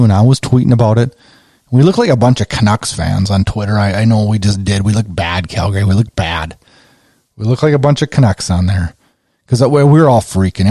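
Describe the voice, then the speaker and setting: A man talks through a game recap in a casual, conversational way and gets worked up as he recounts his reactions. His voice is warm and mellow. It is recorded dry, with no room sound. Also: on the low side, no echo. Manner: excitable, conversational, retells his own reactions. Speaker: podcast host.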